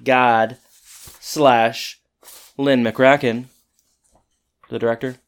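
A man on a casual podcast recapping an episode of a show. His voice sits in an ordinary middle pitch. He jumps into the characters' lines with easy enthusiasm. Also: extremely slow, clear, resonant tone. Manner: animated retelling, acting out lines in quotes. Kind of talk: casual chat.

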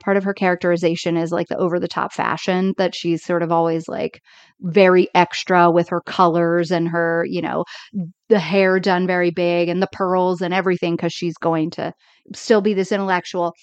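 A woman's voice: fairly low pitch, flat delivery, normal speed, clean tone, no room sound. Chatty woman podcaster, dull dry audio. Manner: chatty, enthusiastic, many fillers. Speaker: podcast co-host. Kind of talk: casual chat about sitcoms.

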